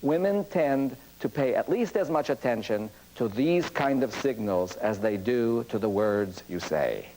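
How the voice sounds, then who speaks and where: Animated male priest telling classroom anecdotes. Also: medium pitch, a little slow, few pauses, slight background noise, rough recording. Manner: animated, acts out the people in his anecdotes. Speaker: priest and speaker on cross-cultural communication. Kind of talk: storytelling lecture.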